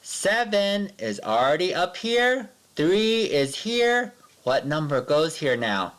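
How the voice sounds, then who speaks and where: A man teaching a math lesson to young children, patient and sing-song, counting along slowly with his pupils. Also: fairly high pitch, sing-song, fairly bright tone.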